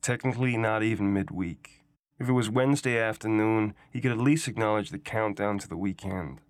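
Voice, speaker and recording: A man reading a science-fiction short story aloud as guest reader, in a measured, unhurried storytelling style, on a close studio mic. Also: lowish voice, dry recording. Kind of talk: scripted narration.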